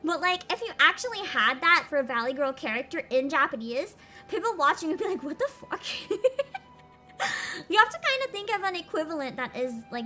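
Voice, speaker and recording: A woman's voice: high-pitched, bright, forceful tone. A young woman streamer chatting casually and rambling with giggles, playful with her voice. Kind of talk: casual chat over a game stream.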